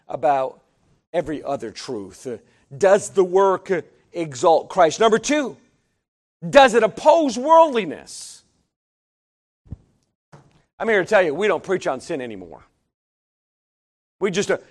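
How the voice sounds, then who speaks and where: A middle-aged man preaching a sermon, emphatic, swinging between hushed and loud delivery. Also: sits high.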